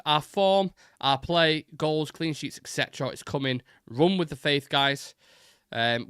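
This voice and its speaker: Blunt, sweary football fan host. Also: male voice, medium pitch, fairly bright tone, clear, resonant tone, no room sound, clean studio sound. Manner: reads and answers chat comments. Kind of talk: live-stream football chat.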